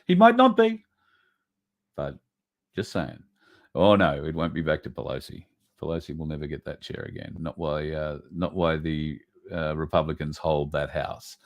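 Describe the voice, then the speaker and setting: Reading out viewer comments on his livestream, a man rants bluntly and swears, with sudden loud bursts. His voice is a rumbling low, level in tone, at a moderate pace.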